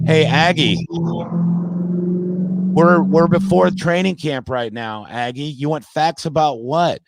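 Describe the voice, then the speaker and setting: A man's voice: mid-range voice, animated, measured pace, no room sound. A brash comedian talks football with plenty of swearing and mocking asides. His voice sits in a middle register. The sound is dry and close, with no room around it. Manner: brash, profane, mocking rants. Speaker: comedian and podcast guest. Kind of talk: casual sports talk.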